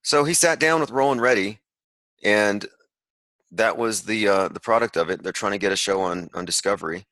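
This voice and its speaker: Sarcastic man with a bright, dry voice. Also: fairly low pitch, moderate pace, no echo, poor audio. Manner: sarcastic, rambling, with frequent asides. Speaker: podcast host. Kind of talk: casual commentary reading an article aloud.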